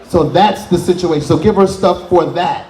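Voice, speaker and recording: A man's voice: high-pitched, dark tone. A man moderating a live panel, summing up a situation and checking that everyone follows. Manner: slow, summarizing, checking in with 'right?'. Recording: echoey room.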